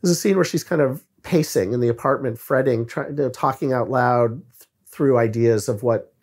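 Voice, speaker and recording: A man in a podcast conversation, speaking at an everyday mid-range pitch. He is reflective and unhurried, and he often pauses or restarts to find the right word. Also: darkish tone. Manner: reflective, searching for words. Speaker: guest filmmaker.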